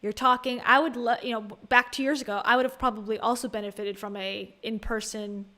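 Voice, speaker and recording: Chatty woman streamer with a slightly high voice, exasperated, reacts to a podcast and to her chat. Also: flat delivery, a little fast, bright, forceful tone. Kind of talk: casual livestream commentary.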